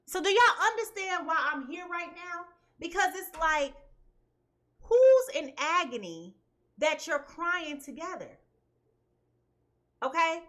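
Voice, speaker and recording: A woman tarot reader talking in an animated, emphatic, chatty way, checking in with listeners as she goes. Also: very high voice, takes it slowly, pauses often. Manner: animated and emphatic, keeps asking listeners "okay?"; chatty and colloquial, addresses viewers as "y'all". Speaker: tarot reader and channel host. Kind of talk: casual commentary before a tarot reading.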